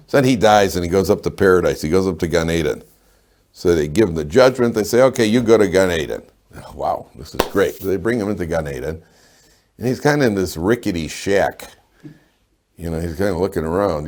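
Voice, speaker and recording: A man with a low-sitting voice teaches a Torah class to live students, animated as he asks rhetorical questions and cracks jokes.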